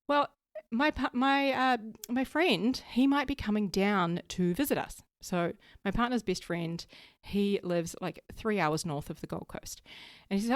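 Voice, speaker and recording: A woman, hosting her own podcast and telling a story in a lively way, acting out her worried thoughts. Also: medium pitch, fairly quick, no echo, studio quality. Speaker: podcast host. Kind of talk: casual solo podcast talk.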